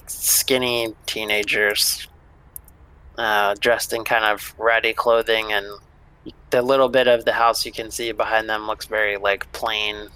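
A man's voice: fairly low pitch, bright, forceful tone, clear, resonant tone, poor audio. A man narrating a tabletop game as game master, in a loose, casual way with many fillers.

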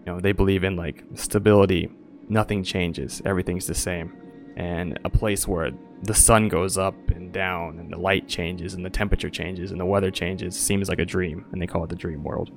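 A man narrating as game master of a tabletop game, relaxed, with frequent filler pauses. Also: low-pitched, gravelly, faint music behind.

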